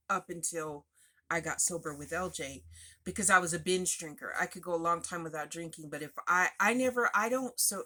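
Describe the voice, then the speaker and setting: With a low, sharp-toned voice, a woman vlogs frankly about her personal recovery. Her telling is chatty and confessional, full of asides.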